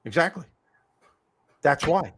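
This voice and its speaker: A man's voice: on the high side, animated, slow pace, fairly bright tone, a little hiss or hum. A man hosting a podcast conversation, telling stories with emphasis. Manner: emphatic storyteller. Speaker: host.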